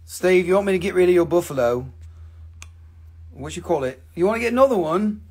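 A man's voice: high voice, expressive, a little fast, a little mellow. A man hosting a casual live sale, rambling and joking, swearing freely as he shows his pieces. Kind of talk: casual live sales stream.

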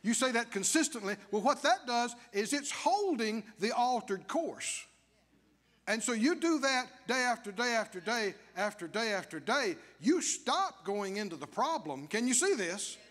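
High-voiced preaching man in a hall. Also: normal speed. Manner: animated preaching, acts out whining prayers, laughs often. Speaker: pastor. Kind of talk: sermon. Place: church sanctuary.

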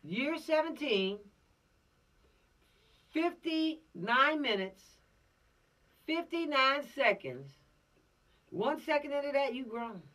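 Lively, preachy law instructor. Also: high voice, slow, pauses often, distant mic. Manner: preachy, animated, streetwise slang. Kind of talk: informal lecture.

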